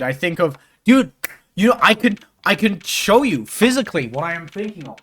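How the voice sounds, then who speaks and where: A man's voice: on the high side, very animated, moderate pace, fairly bright tone, faint music behind. A man streaming a game, chatting casually and jokily, swearing freely as he rambles. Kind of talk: casual gameplay commentary.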